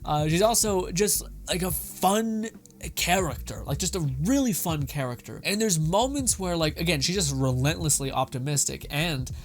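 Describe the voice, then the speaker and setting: A man hosting a casual anime reaction talk, animated and gushing, swearing often. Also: fairly high pitch, moderate pace, faint music behind. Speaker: anime commentary host.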